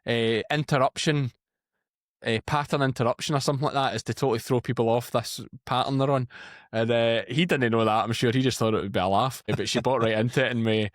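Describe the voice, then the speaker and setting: A man in his thirties with a Scottish accent, a podcast guest telling lively, blunt stories in casual chat. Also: medium pitch, brisk, no echo, clean studio sound. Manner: storytelling, animated and blunt. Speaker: podcast guest, farmer and former police officer.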